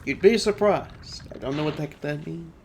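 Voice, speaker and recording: A young man on a game stream, rambling casually and answering chat as he plays. His voice sits a bit high, with soft game music underneath. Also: normal speed, vocal fry. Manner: chatty, rambling, reads out chat. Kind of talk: casual let's-play commentary.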